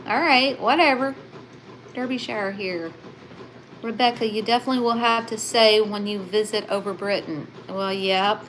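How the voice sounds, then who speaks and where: A woman's voice: medium pitch, normal speed, fairly bright tone, a little hiss or hum, poor audio. A woman hosting a casual livestream, chatting and reading viewer comments aloud. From Southern United States.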